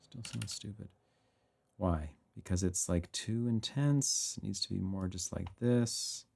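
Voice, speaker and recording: Gravelly, deep-voiced male composer bantering with chat on a livestream. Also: a little slow, a little mellow. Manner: laughs often and reads chat aloud. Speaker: composer streaming live.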